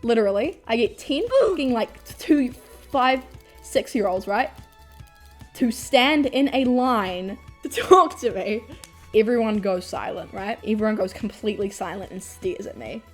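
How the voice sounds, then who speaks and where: Young woman, storytime vlog, animated, laughs and swears a lot, slightly high voice, faint music under it. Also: a little slow. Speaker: vlogger.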